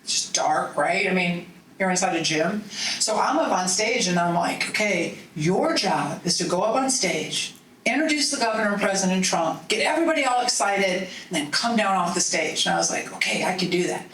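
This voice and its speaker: A woman's voice: on the low side, normal speed, distant mic. Woman telling folksy stories in a hall. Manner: folksy storytelling, animated. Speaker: political speaker. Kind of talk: speech to a party meeting. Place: meeting hall. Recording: roomy hall audio from off-mic.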